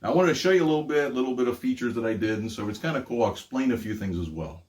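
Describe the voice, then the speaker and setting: A man's voice: medium pitch, animated, racing, a little mellow. An older man from Pittsburgh, a magician and ventriloquist, hosting a casual teaching demonstration in an upbeat, chatty way with frequent laughs. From Pittsburgh, USA.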